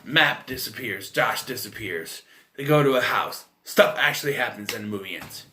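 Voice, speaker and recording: A man's voice: mid-range voice, expressive, normal speed, sharp tone, slight background noise. A man in his thirties giving a casual, rambling film review, swearing freely and restarting his sentences often. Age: 30s. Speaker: movie reviewer.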